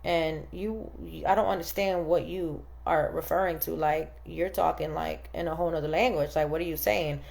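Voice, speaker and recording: Woman doing her sleepy husband, low and mumbling. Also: steady tone, moderate pace, vocal fry, hardly any pauses, a little mellow. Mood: sheepish. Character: sleepy apologetic husband, adult man.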